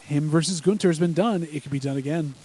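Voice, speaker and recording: Male podcast co-host, quick eager chatter, slightly high voice, casual banter. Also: mellow, breathy edge. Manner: fast, enthusiastic, rambling. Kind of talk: casual chat reacting to wrestling.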